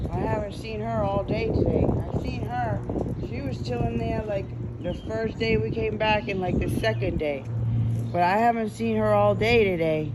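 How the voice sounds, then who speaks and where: A woman's voice: medium pitch, moderate pace. A middle-aged woman with a stuffy nose, chatting and rambling to her phone while walking outdoors, laughing at herself. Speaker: vlogger. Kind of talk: casual walking vlog. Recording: outdoor noise behind.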